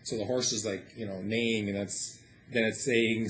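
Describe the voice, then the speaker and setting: A man's voice: on the low side, flat delivery, moderate pace, slight background noise. A man reading a short story aloud and translating it line by line, explaining in a casual way with lots of fillers.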